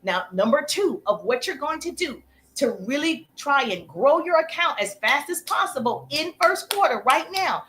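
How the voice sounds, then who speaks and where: A woman coaching viewers on a live stream, chatty and energetic, breaking off to thank viewers as she teaches. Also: high-pitched, moderate pace, slight background noise. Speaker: social media coach.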